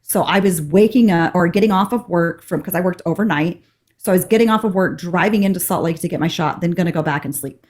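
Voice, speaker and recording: A woman in her thirties, co-hosting a podcast, telling a story in a casual, animated way and acting out the people in it. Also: on the low side, fast. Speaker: podcast co-host.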